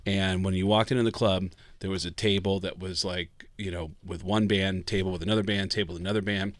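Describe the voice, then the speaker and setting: A man's voice: sits low, fairly quick, no room sound. A man, a guest comedian, telling stories in a casual podcast chat and acting out the people in them. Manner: animated storyteller, acts out quotes.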